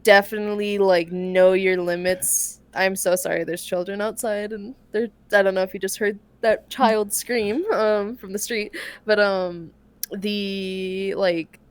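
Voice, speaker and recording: A woman's voice: medium pitch, fairly even intonation, a little slow, smooth. A young woman speaking as an interview guest, rambling and chatty with many fillers. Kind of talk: casual interview.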